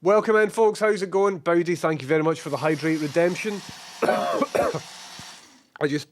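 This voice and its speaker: A young Scottish man with a slightly hoarse voice from a cold, casually chatting as a live streamer and greeting viewers by name. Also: on the high side, fairly even intonation, quick pace, noisy background.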